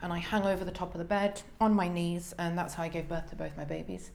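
A woman, a podcast guest telling a personal story in an animated way, acting out the people she quotes. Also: lowish voice, fast talker, gravelly, a little hiss or hum.

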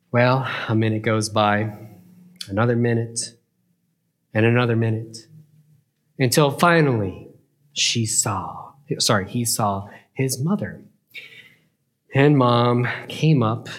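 A man telling a playful story as a children's Bible lesson, with a lively, chuckling delivery. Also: mid-range voice, takes it slowly, pauses often.

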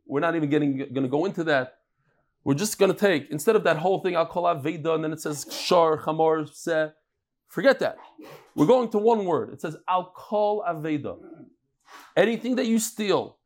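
Animated New man teaching Talmud. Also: on the high side. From Brooklyn, New York. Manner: animated, emphatic, quick asides and questions to the class. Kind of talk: daily Talmud lecture to a live class.

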